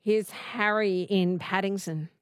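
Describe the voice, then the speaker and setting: A woman's voice: mid-range voice, steady tone, slow pace, no room sound, clean studio sound. A woman hosting a talkback radio quiz, laughing often as she chats with callers. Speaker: radio host.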